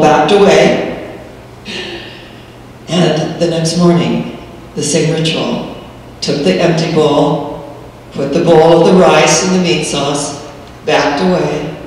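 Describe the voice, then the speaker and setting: A woman minister telling a fable in a sermon as an animated storyteller. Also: sits low. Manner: animated storyteller, sings chants. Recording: echoey hall, distant mic, faint noise.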